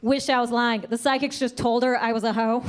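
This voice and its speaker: Heavy background noise surrounds a young woman's high-leaning, brisk voice with little pitch movement as she does stand-up at a club, handheld mic in hand. Her delivery is brash and punchy, with acted voices, and the audience laughs.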